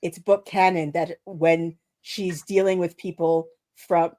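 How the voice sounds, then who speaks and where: A woman co-hosting a live stream in casual chat, excitable and quick to jump into high exclamations. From born on a British island. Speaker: co-host.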